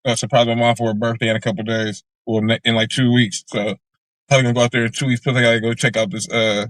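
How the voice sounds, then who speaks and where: Man reacting with quick laughs. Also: medium pitch, little pitch movement, fairly bright tone, no room sound, rough recording. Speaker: podcast co-host. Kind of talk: casual chat.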